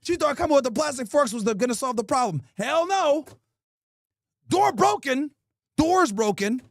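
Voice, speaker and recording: A man's voice: extremely high pitch, animated, normal speed, no room sound, studio quality. A male host doing an improvised comedy roast, crude and mocking, hurling insults.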